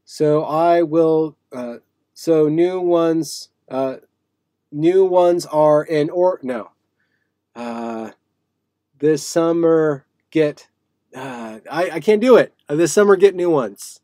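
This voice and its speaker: A man's voice: fairly high pitch, takes it slowly, dark tone, no echo, studio quality. A man hosting a live stream from a small room, talking casually and playfully in a rambling way, with many fillers and restarts. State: sweaty. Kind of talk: casual livestream monologue.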